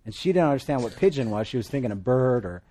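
Lively pastor from Hawaii. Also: male voice, quick pace. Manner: animated, joking asides, pitch and volume swing widely. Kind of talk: sermon.

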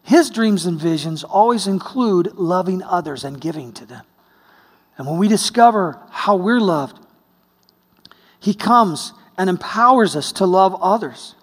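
A man from the United States preaching a sermon, telling a story, swinging between hushed and exclaiming. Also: high voice, expressive, a little slow. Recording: long hall reverb.

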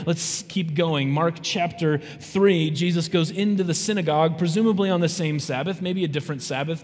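A man preaching a sermon to a church congregation, lively and conversational, often checking in with his listeners. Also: a little high. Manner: lively, conversational, often asks "right?" to the audience. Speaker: pastor. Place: church sanctuary. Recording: long reverb from a large hall.

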